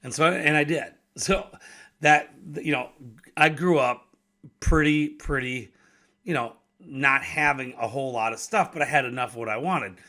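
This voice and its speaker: At a normal speed and mid-range pitch, this man speaks with a bright, forceful tone. He's a podcast host and business owner from Wisconsin, in his fifties, giving a casual solo talk on business risk, conversational, restarting and repeating words, laughing as he goes.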